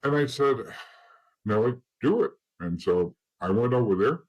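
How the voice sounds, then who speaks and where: A middle-aged man, a former informant, is an interview guest telling his story bluntly and profanely while acting out old conversations. His medium-pitched voice is expressive and moves at normal speed, and the sound is lo-fi.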